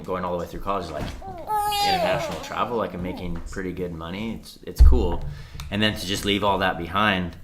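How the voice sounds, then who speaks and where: A man with a very deep voice talks candidly and reflectively in a relaxed conversation. He fills his speech with loose asides and the odd curse. A faint noise sits under the recording. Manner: earnest, reflective, with frequent "like" and casual swearing. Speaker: podcast guest.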